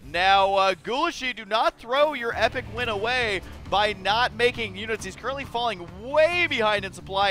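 Bright, high-voiced male caster, jokey and excitable play-by-play. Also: normal speed, hardly any pauses. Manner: excitable, jokey, often breaks into high-pitched shouts. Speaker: esports caster. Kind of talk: game commentary.

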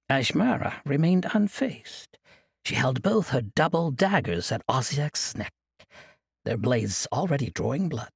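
A man narrating a fantasy audiobook in a dramatic, expressive reading style. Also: medium pitch, a little slow, creaky, husky, no echo, studio quality.

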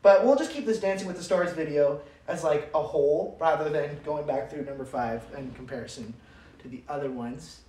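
An upbeat, chatty livestream host, rambling through fillers. The voice sits in a mid pitch and rings around an echoey room, picked up by a mic set well back. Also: brisk, mellow. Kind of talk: casual livestream chat. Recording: roomy sound from a distant mic.

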